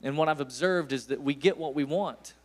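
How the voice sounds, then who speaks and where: A man's voice: fairly high pitch, brisk. Guest preacher, man in his forties, East Tennessee accent, storytelling sermon with emphatic peaks. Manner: folksy storytelling, rising to emphatic bursts. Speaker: guest pastor.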